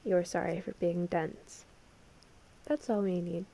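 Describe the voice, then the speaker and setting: A woman's voice: lowish voice, steady tone, takes it slowly, creaky, warm tone, exaggerated voice. A woman voicing a pushy but affectionate young man who coos and coaxes, in a podfic reading. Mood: soothing.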